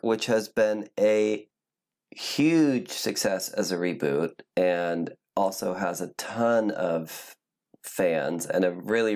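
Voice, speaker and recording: A man hosting a podcast, chatting casually and loosely about news, swearing now and then. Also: fairly low pitch. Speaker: podcast host.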